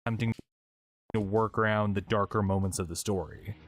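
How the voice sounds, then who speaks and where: A man's voice: on the low side, steady tone, a little fast, heavy background noise. A man giving scripted video essay narration with a wry, dry delivery.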